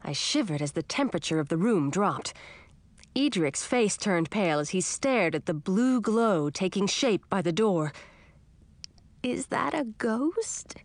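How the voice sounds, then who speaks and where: A woman's voice: fairly low pitch, animated, normal speed, dry recording. A woman narrating a fantasy storybook in the first person, reading expressively. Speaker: audiobook narrator.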